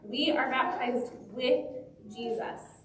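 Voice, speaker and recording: A woman pastor leading a children's sermon in a church, gently asking the children questions. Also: sits high, takes it slowly, a little hiss or hum. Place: church sanctuary. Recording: very echoey church, mic far off.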